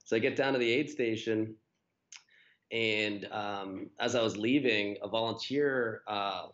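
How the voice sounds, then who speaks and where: A man's voice: lowish voice, measured pace, fairly bright tone, muffled recording. A man, a guest on a running podcast, telling his race story in a casual, rambling way with many fillers and restarts.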